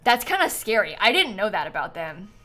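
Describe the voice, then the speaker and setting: A woman's voice: mid-range voice, big pitch swings, brisk, sharp tone, faint music behind. A woman hosting a livestream, chatting casually and giggling while she plays a game and thanks viewers for donations. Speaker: livestream host. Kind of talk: casual chat while gaming.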